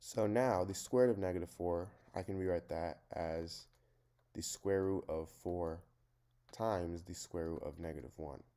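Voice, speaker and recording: A man's voice: deep voice, measured pace, mellow. A man teaching a math lesson, talking through each step in a plain, methodical way. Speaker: math tutor.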